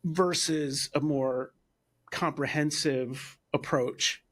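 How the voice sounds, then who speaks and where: A man co-hosting a podcast interview, speaking in a measured way and pausing often to find his words. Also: on the high side, fairly even intonation, fairly bright tone. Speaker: podcast co-host. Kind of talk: casual conversational interview.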